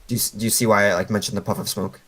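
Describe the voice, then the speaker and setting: A man's voice: on the low side, little pitch movement, racing, fairly bright tone, low-quality recording. Patient man coaching over a voice call. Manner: patient, explains step by step with many fillers. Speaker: game coach.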